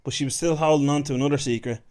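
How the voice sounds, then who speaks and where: A man with an Irish accent who hosts a podcast and gives measured, reflective comments in casual chat. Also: a little high, fairly even intonation, darkish tone. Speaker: podcast host.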